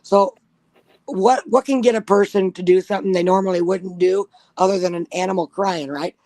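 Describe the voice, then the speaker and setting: A woman's voice: mid-range voice, normal speed, warm tone, no echo. A woman telling a spooky personal story in casual chat, blunt and profane. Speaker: guest storyteller.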